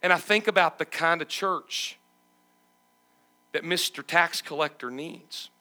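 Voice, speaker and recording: A man's voice: a little high, measured pace, bright, forceful tone, faint music behind. A male pastor preaching a sermon emphatically and asking his congregation questions.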